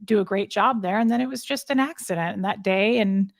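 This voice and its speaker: Candid woman guest, halting retelling. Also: medium pitch, vocal fry, dry recording, clean studio sound. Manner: candid, emotional, halting with frequent restarts. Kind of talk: conversational interview storytelling.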